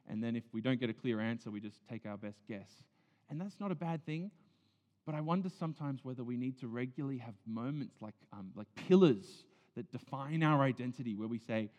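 Earnest male pastor preaching in a hall. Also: mid-range voice. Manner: earnest, swings from loud emphasis to hushed near-whisper. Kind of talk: sermon. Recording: dull sound in a big reverberant hall.

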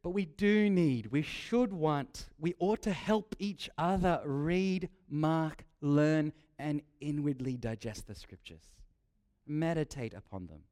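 A young man preaching a sermon, lively and joking, repeating his key phrases. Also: a little high, slow pace.

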